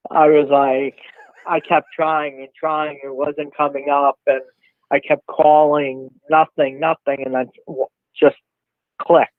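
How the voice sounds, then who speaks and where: A man co-hosting a podcast, chatting casually and responsive, quick to laugh. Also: fairly high pitch, little pitch movement, no echo. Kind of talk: casual chat. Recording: tinny phone line.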